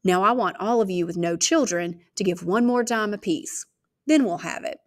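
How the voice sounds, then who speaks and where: Woman playing a stern country preacher, loud and commanding. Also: medium pitch, normal speed, lightly acted. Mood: firm. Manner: forceful, commanding. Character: stern middle-aged male country preacher.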